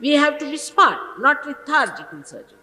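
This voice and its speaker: A woman's voice: high voice, sing-song, fairly quick, pushed and bright, faint music behind. Older woman, spiritual teacher, stern emphatic sermon, rhetorical questions; roomy hall reverb, old archive tape. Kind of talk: informal sermon to followers.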